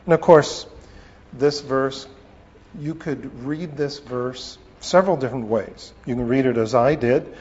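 A man teaching a sermon on scripture, with a slow, deliberate delivery and pauses. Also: medium pitch, a little mellow. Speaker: preacher. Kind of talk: expository Bible teaching. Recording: long reverb, dull lo-fi sound.

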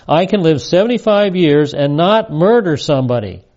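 An older man in his seventies gives a verse-by-verse Bible teaching, leaning hard on the key phrases. His voice sits a little high for a man, and the recording is dull and lo-fi. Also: expressive, moderate pace, a little mellow. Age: 70s. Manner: emphatic, stresses key phrases.

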